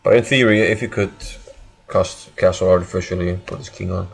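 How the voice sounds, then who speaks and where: A man commentates a chess game live on a stream, his lowish voice gravelly and a little husky. He talks in a loose, joking way, thinking his way through the moves and poking fun at himself. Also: steady tone, brisk, faint music behind. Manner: jokey, self-mocking, thinking aloud.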